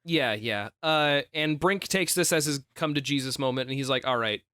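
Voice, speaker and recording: A man's voice: a little high, moderate pace, sharp tone, smooth, dry recording. A man co-hosting a podcast, casually recapping a film with jokes and mock quotes. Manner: laid-back, joking, fond of mock-quoting characters. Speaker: podcast co-host.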